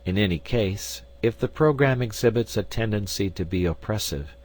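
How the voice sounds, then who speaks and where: A man reading an essay aloud as an audiobook narrator, in a measured, formal manner. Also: lowish voice, expressive, a little mellow, rough recording. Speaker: audiobook reader.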